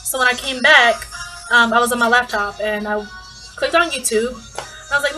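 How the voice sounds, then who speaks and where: Brief: young female vlogger, slightly high voice, bubbly and gushing, casual storytelling. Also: moderate pace, sharp tone, faint music behind, rough recording. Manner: bubbly, gushing, lots of likes and restarts. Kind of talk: casual fan vlog storytelling.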